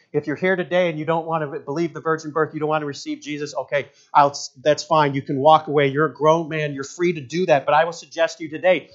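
Middle-aged guy pastor preaching, folksy, tells jokes and stories, kinda dull sound. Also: a little high. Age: 50s. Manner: folksy storytelling with jokes and asides. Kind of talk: sermon.

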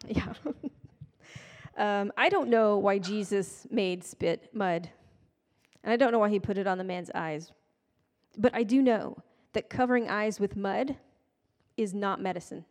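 A woman's voice: medium pitch, measured pace, darkish tone. A woman giving a casual, conversational sermon with playful, self-deprecating asides. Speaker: preacher. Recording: long hall reverb.

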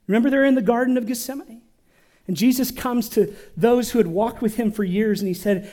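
Preaching briskly in a very high voice, this pastor calls out to his church for responses while shifting from booming to quiet.

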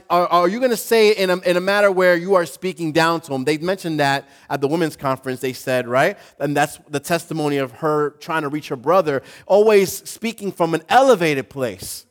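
Man, pastor, sermon, chatty and animated, somewhat high-pitched. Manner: conversational and animated, with playful asides.

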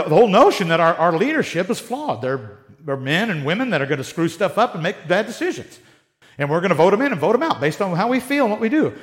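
A man's voice: sits high, fairly bright tone. An American man preaching a sermon in a conversational way, with sarcastic asides. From United States. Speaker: pastor.

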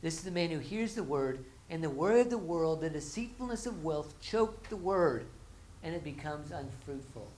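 Lower-voiced woman preaching conversationally. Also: lively intonation, moderate pace, darkish tone, slight background noise, rough recording. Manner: acts out everyday voices of the listeners; informal, often repeats and restarts words. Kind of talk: conversational sermon.

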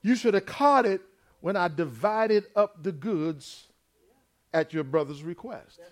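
Animated male preacher with a lively pitch. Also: measured pace. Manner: animated preaching, acts out the brothers and father in plain voices, folksy grammar. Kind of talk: sermon.

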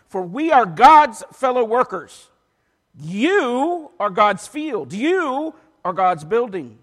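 A pastor preaching a sermon in a church, reading scripture aloud with an emphatic delivery. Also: male voice, extremely high pitch, sing-song, slow pace, fairly bright tone. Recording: long reverb of a large hall.

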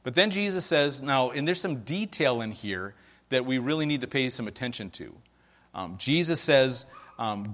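Man, mid-pitch preacher, casual storytelling sermon, acts out dialogue, long hall reverb. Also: a little fast. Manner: animated storytelling, acts out quotes, frequent "right?". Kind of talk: conversational sermon.

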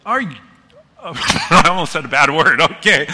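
A man preaching a sermon as a pastor, animated and excitable, rushing ahead in bursts and then reining himself in. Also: high voice, in a large hall.

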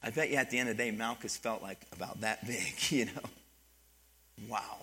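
A middle-aged man, a pastor, preaching a sermon in an animated way, dropping quiet and then building up, often asking the congregation questions. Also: lowish voice, moderate pace, breathy edge.

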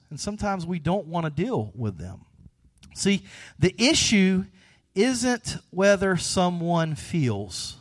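A man with a fairly high voice preaches a sermon in a loose, conversational way. He swings from loud, animated stretches down to quiet, intimate ones, and he drops in playful jokes for the congregation. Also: slow pace. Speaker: pastor.

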